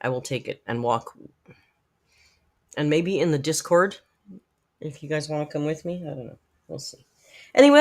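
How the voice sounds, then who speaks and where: A middle-aged woman hosting a live stream, chatting frankly and casually with her viewers and swearing freely. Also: on the low side. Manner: frank, profane, chatty, talks straight to viewers in the chat. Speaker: live-stream host reacting to videos.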